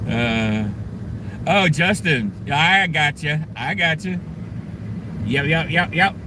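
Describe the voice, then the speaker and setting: A man's voice: a little high, takes it slowly. A man telling a story with lots of swearing, chatting offhand and mocking as he reads his live chat outdoors on a city street. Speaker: live streamer being restreamed. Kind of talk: casual profane storytelling while reading chat. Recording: noisy street audio, restreamed.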